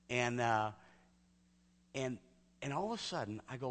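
A male pastor telling a personal story in a sermon, talking conversationally and often dropping to a hushed near-whisper. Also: medium pitch, lively intonation, brisk, long pauses. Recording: long hall reverb.

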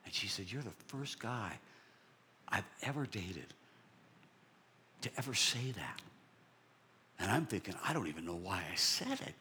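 A man giving a sermon testimony, telling his story in an animated way and dropping to soft whispers. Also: on the low side, a little slow, pauses often, a little hiss or hum.

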